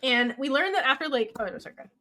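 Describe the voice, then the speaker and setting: Animated chatty woman podcaster. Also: high voice, racing. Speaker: podcast co-host. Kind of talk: casual chat.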